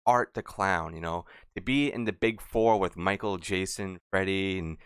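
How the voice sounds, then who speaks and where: A man's voice: low-pitched, moderate pace, a bit bright, clear, resonant tone, dry recording, studio quality. A man hosting a podcast interview, asking long, casual, rambling questions. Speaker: podcast host.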